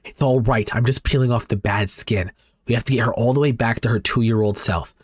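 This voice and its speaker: A man's voice: mid-range voice, fairly quick, no room sound, lightly acted. A man doing a crazed, doting mother. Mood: obsessive. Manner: cooing, eerily calm and obsessive. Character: deranged doting mother, middle-aged woman. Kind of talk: dramatic reading of a horror manga.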